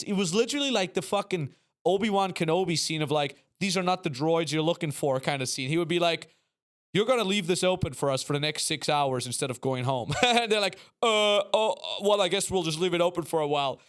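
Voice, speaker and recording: Male podcast guest, slightly high voice, animated storyteller who curses and laughs a lot. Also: fairly quick. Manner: swears freely, acts out voices, laughs often. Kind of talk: animated storytelling, casual chat.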